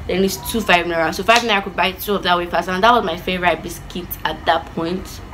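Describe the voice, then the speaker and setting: Woman, storytime vlog, animated and chatty, bright tone. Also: on the low side, quick pace, slight background noise, poor audio. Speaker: vlogger.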